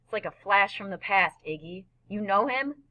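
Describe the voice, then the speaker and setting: A woman's voice: mid-range voice, animated, moderate pace, natural voice. A woman voicing a nervous, gossipy chain-smoking woman in a robe, rambling eagerly, on a dull lo-fi recording. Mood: chattering.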